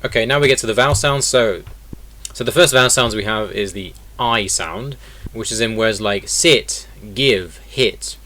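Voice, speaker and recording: A man's voice: fairly low pitch, normal speed, sharp tone. Man casually explaining accent sounds. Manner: explains step by step, repeating example words. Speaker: accent teacher. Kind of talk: casual online lesson.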